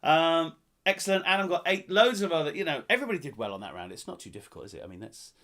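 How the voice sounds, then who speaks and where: A man's voice: on the high side, lively intonation, fast talker, bright, forceful tone. A man from England hosting a live-streamed pub quiz, reading out answers and teasing players in a jokey, playful way.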